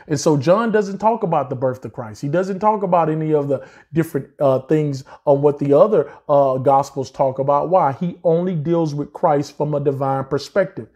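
A man giving a sermon-style Bible teaching, emphatic and repetitive, slowing down to stress key words. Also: a little high, dark tone.

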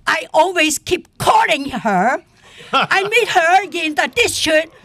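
An older woman who runs a senior center, testifying at a public hearing in an animated, indignant way and laughing often. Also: very high voice, takes it slowly. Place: council committee room.

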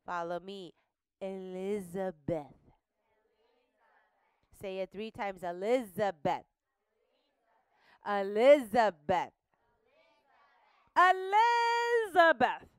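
A woman teaching a Bible lesson to young children, asking questions and having them repeat words slowly. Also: medium pitch, clean tone, no room sound, clean studio sound. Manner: animated, slow and questioning, prompts children to repeat. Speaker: Sunday school teacher. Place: studio.

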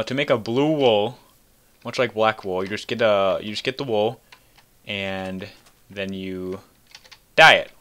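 A man's voice: on the low side, fairly bright tone. A young man giving casual gameplay commentary as host, rambling and correcting himself with little chuckles. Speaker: gaming channel host.

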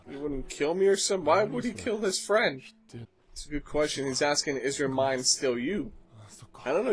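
A man's voice: a little high, a bit bright, breathy edge. A man hosting an anime reaction, talking casually with frequent gasps, exclamations and slangy asides.

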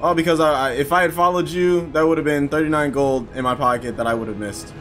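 A man's voice: on the high side, steady tone, fast, a bit bright, faint music behind. A young man casually commenting on gameplay, joking and sarcastic toward the characters. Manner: jokey, sarcastic, mocks the game characters. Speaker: gaming channel host.

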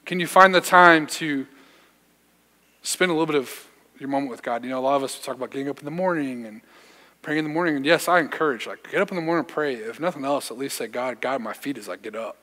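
A man's voice: medium pitch, rapid-fire, fairly bright tone. A young man, a youth pastor preaching a sermon, telling a personal story in a casual, slangy way with self-deprecating humor. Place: church sanctuary. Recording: church hall reverb.

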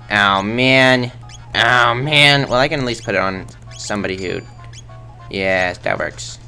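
Guy rambling thru a game, kinda low and gravelly but bright, goofy and self-mocking. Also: unhurried, soft background music. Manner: makes silly sound effects. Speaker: let's play host. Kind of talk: casual game commentary.

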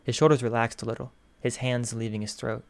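Man, mid-pitched voice, steady storytelling, fan fiction audiobook narration. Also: brisk, gravelly.

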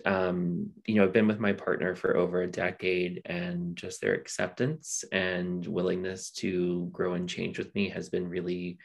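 A man's voice: low voice, gravelly. A man on a panel, sharing personal stories thoughtfully with many ums, over a video call mic.

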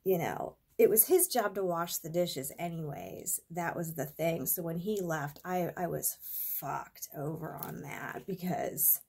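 A woman's voice: lowish voice, a little slow, vocal fry, few pauses, mellow, breathy edge. A young adult woman vlogger telling a rambling, profane, exasperated story in a casual storytime vlog.

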